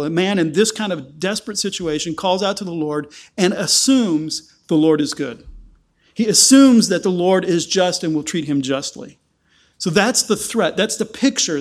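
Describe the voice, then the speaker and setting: Earnest high-voiced male preacher. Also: moderate pace. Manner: earnest, repeats words while explaining a psalm. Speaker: pastor. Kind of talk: sermon.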